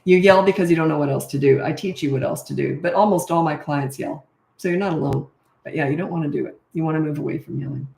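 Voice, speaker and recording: A middle-aged woman from Canada, working as a parenting coach, chats casually and bluntly through a livestream Q&A. Her deep, slightly mellow voice is fast with vocal fry, captured in an echoey room.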